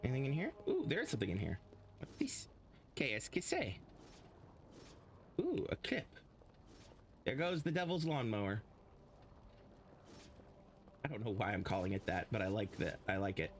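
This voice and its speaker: A man's voice: fairly low pitch, big pitch swings, a little fast, long pauses, a little hiss or hum. A man casually commenting on his gameplay as a streamer, rambling and swearing freely.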